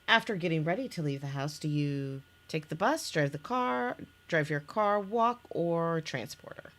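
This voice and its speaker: A woman presents an interactive story game she built, reading its scenes aloud in a casual chat full of restarts and laughter. Her voice sits low and sounds animated and fairly bright, at a moderate pace.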